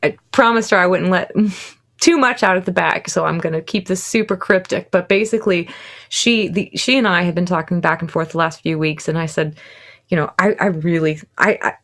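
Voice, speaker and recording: A woman in her thirties, a musician guest in a casual interview, talking excitedly and laughing often. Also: lowish voice, brisk.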